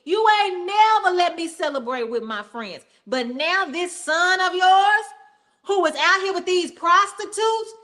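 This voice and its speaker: A woman voices an indignant, resentful older son who complains in an aggrieved way. It's a full character voice, very high-pitched, bright and forceful, pitched above her own natural voice.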